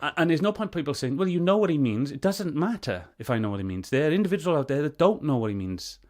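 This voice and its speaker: A man's voice: on the high side, sing-song, fast, darkish tone. A man reviewing a video clip, arguing back at it in an earnest, heated way. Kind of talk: reaction commentary on a clip.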